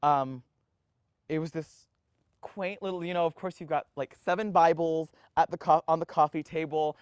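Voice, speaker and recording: A young man in his twenties telling his life story in an interview, animated and full of restarts, acting out the voices of others. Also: a little high, normal speed, clean tone, no echo, clean studio sound. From United States. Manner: animated, acts out quoted voices, frequent restarts.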